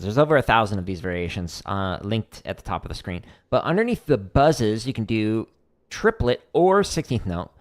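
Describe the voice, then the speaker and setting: A man hosting a casual livestream drum lesson, explaining technique as he demonstrates, with frequent "like" fillers. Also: lowish voice.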